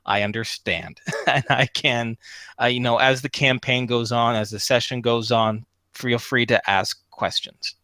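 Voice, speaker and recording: A man's voice: medium pitch, steady tone, a little slow, bright, forceful tone, no room sound. A man narrating as game master of a tabletop game, wordy and friendly with apologetic asides.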